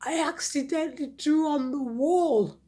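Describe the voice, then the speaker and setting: A woman's voice: on the high side, normal speed, a bit bright, husky, pitched above the performer's own voice, exaggerated voice. A woman voicing an anxious young boy who pleads and panics in a storybook reading. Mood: panicky.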